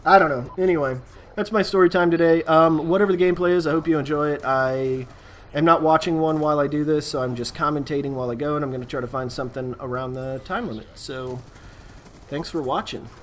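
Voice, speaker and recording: A man's voice: on the high side, quick pace, a little hiss or hum. Man rambling through a casual story. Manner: rambling, relaxed, full of fillers and asides. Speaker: gaming YouTuber. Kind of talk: casual storytelling over gameplay.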